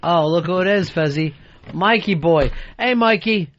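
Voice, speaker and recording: A man's voice: sits high, normal speed, slight background noise. A man hosting a radio talk show, taking calls and scolding in a brash, profane, mock-stern way. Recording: dull dry 2000s radio broadcast.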